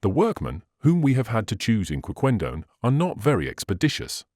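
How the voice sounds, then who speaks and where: A man's voice: on the low side, brisk, dry recording, studio quality. A man doing a sly, obstinate scientist. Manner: calm, obstinate. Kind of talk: audiobook dialogue reading.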